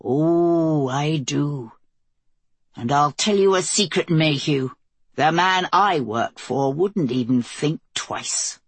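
A woman voicing a cold, menacing southern man with a gun, speaking slowly with a southern twang. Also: low-pitched, lively intonation, breathy edge, no echo, voice pushed down, full character voice. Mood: cold menace. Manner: deliberate, grim, quietly threatening.

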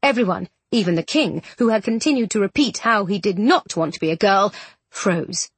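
A woman reading an audiobook with steady storytelling. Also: mid-range voice, normal speed, husky. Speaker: audiobook narrator. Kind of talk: scripted narration.

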